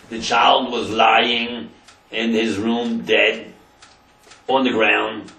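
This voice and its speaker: A man's voice: medium pitch, gravelly, pushed and bright, roomy sound, far from the mic, poor audio. A man, a rabbi, telling a story in a class and translating Hebrew phrases into English with dramatic emphasis.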